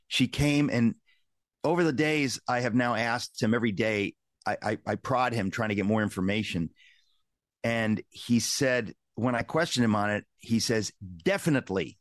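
A man hosting a talk show, telling a personal story in an earnest, emphatic way with many halting restarts. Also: medium pitch, no echo, clean studio sound. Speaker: host.

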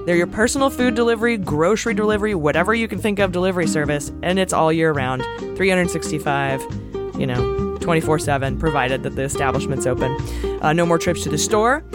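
A woman's voice: on the low side, fast talker, loud music behind the voice. A woman co-hosting a political podcast, talking casually in a blunt, profane, sarcastic way. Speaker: podcast co-host.

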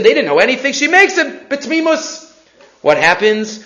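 A man delivers a storytelling sermon with a high, very lively voice, acting out each character. The recording is roomy and echoey, with a dull, muffled sound. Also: moderate pace. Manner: animated storyteller, acts out characters. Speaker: rabbi or teacher giving a sermon.

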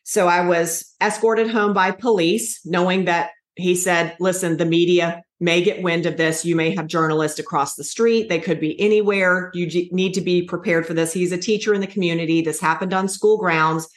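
A woman in her forties recounts a painful memory as a guest, earnest and halting, with restarts. Her voice sits a little low. The room around her rings noticeably. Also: steady tone. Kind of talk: emotional personal storytelling. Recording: echoey room.

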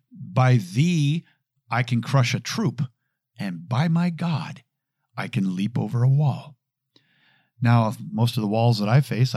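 A middle-aged man gives an earnest talk on scripture. He has a mid-range voice and repeats each verse slowly, changing the stress every time. The recording is dry and close, with no room sound. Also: medium pitch, a little mellow, no room sound. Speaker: host.

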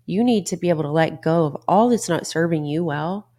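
Woman host, middle-aged, lower voice, emphatic motivational talk with casual swearing. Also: fairly quick, mellow. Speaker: podcast host. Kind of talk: motivational monologue.

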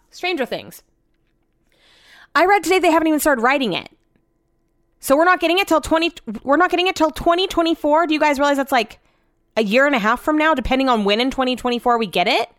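A woman's voice: high-pitched, lively intonation, quick pace, pauses often, fairly bright tone, no echo, clean studio sound. A young woman from the United States talking casually to her viewers, rambling and chatty with lots of filler words and casual swearing. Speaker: vlogger.

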